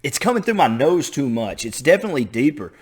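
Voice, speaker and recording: Lively male reaction host, eager and self-mocking, pitch swings a lot. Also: fast, breathy edge. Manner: excitable, self-deprecating. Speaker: video host reacting to a lesson. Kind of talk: casual reaction commentary.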